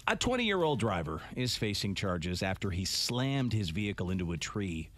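A man's voice: fairly low pitch, sing-song, moderate pace, slight background noise. A man co-hosting a radio show, reading out a news story in a plain way between jokes. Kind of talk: casual radio banter.

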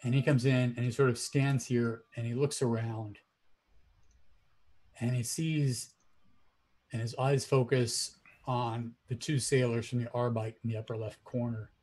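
A man narrating as game master of a tabletop game, with hesitant pauses and many fillers. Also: mid-range voice, little pitch movement, a little mellow. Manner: hesitant, many ums and likes.

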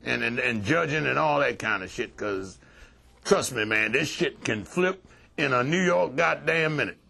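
A man's voice: medium pitch, normal speed, gravelly. An older man, telling profane, streetwise stories to a recovery group. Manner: profane, streetwise, animated storytelling with laughter. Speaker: relapse prevention speaker. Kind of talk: storytelling talk to a group.

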